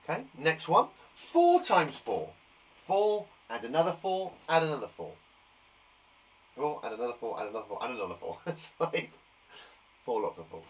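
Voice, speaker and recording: An English primary school teacher, male, leads a live online maths lesson for young children, counting out loud and cheering them on with chatty asides. His medium-pitched voice swings widely in pitch and moves at a brisk clip, though the audio quality is poor.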